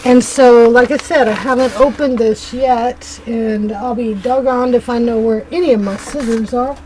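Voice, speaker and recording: A woman talks casually to her viewers as she unboxes crafting supplies at home. She gushes readily, and her voice sits slightly high. A faint room ambience hangs behind her. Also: steady tone, mellow, slight background noise, rough recording. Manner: chatty and effusive, quick to gush. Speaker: craft vlogger. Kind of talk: casual chat while unboxing mail.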